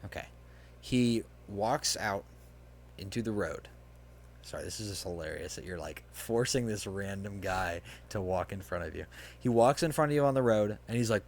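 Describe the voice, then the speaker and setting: A man's voice: on the low side, lively intonation, a little hiss or hum. A man acting as game master, casually narrating a hypothetical scenario and chuckling at the player's choices. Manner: casual, chuckling, quick to play characters.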